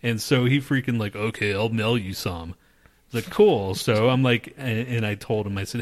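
A man's voice: lowish voice, normal speed. A man with a Texan accent co-hosting a casual podcast, telling a rambling story full of swearing. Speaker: podcast co-host. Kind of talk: casual crude podcast banter.

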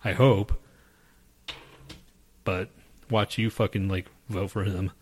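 A man's voice: lowish voice, steady tone, takes it slowly, a little hiss or hum. A man co-hosting a podcast in casual chat, ranting in a jaded, heavily profane way. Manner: profane, grumbling, jaded rants. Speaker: podcast co-host.

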